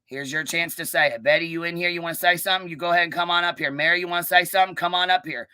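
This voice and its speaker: A woman hosting a live stream, ranting and calling people out in a combative, profanity-heavy way, with a notably low, bass-heavy voice. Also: steady tone, racing, pushed and bright, clear, resonant tone. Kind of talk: live-stream commentary rant.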